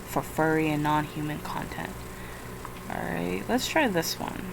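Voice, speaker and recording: A woman's voice: on the low side, slow, vocal fry, noisy background. A tired woman rambling through a casual screen-recording vlog, swearing often and flaring into frustrated outbursts. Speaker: vlogger.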